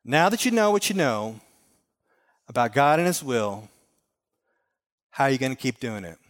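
A man's voice: medium pitch, very animated, normal speed. A middle-aged man giving an earnest sermon as a pastor, telling stories and repeating phrases. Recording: long hall reverb.

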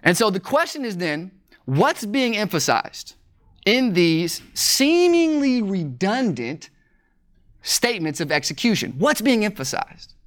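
A preacher teaching a sermon from scripture, slowing down to stress key words and asking rhetorical questions. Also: mid-range voice, big pitch swings. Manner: deliberate, slows for emphasis on key words.

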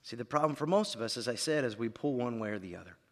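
A man in his thirties preaching a sermon, dropping to quiet lines and then building to shouts. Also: medium pitch, lively intonation, fast talker. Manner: dramatic, swings from quiet to shouting. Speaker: pastor. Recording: long reverb of a large hall.

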